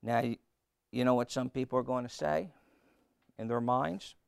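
A man's voice: medium pitch, moderate pace, gravelly, smooth, no echo, studio quality. A man preaching a sermon, emphatic and rhetorical, firing questions at the congregation and repeating phrases for effect.

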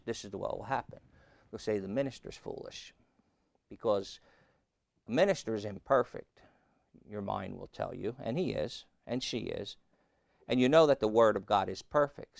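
A man preaching a sermon, emphatic, rising loud and high on key points and calling out questions to the congregation. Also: gravelly, no echo, studio quality.

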